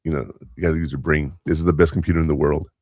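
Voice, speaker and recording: Very deep-voiced blunt male host. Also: steady tone, racing, a little mellow, dry recording, clean studio sound. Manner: blunt, lecturing, plain-spoken. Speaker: podcast host. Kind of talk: casual radio talk.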